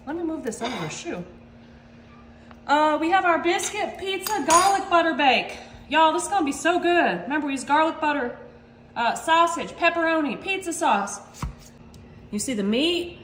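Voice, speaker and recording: A chatty woman walks viewers through a recipe in her home kitchen, her voice sitting high and bright. She keeps saying y'all and gushing about the food. The kitchen sounds echoey, with a faint hum of room noise behind her. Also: lively intonation, normal speed. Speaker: cooking vlogger. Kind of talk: casual cooking demonstration.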